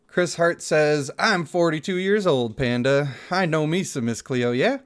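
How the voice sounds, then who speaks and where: A man's voice: a little high, a little slow, clear, resonant tone. A man in his thirties chatting casually on a livestream, reading out chat messages and laughing often. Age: 30s.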